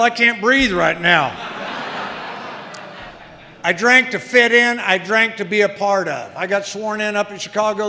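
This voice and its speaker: At a recovery meeting, a man in his sixties tells his own story with dry, self-deprecating humor. His voice is high and sharp, echoing with the long reverb of the meeting hall.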